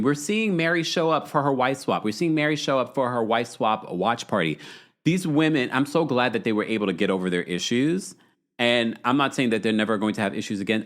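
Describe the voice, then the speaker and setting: A man hosting a live reality TV recap show, reading viewer chat comments aloud and laughing often in an animated way. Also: mid-range voice. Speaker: podcast host.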